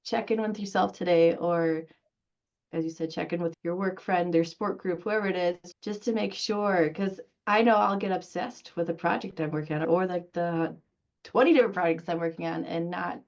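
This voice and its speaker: A woman's voice: on the low side, fairly even intonation, moderate pace, a little mellow, dull audio. A woman taking part in a workshop, thinking aloud as she asks the speaker a question. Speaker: workshop participant.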